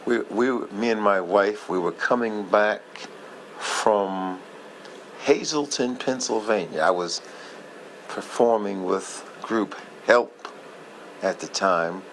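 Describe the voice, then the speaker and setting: A man casually reminiscing in a heartfelt, rambling way, often halting and losing his thread. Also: fairly low pitch, a little hiss or hum, poor audio. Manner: heartfelt, moved by the memory. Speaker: vlogger sharing memories.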